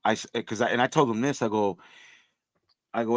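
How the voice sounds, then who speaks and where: A man's voice: on the low side, a little fast, pauses often, dry recording. A man on a casual podcast, blunt and repetitive, calling people bro as he makes his points. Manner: blunt, repeats points, says bro a lot. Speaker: co-host.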